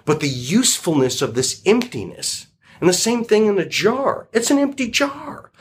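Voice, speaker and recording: A man's voice: on the high side, breathy edge. A man retelling a children's story and drawing a lesson from it, in a reflective, rambling way.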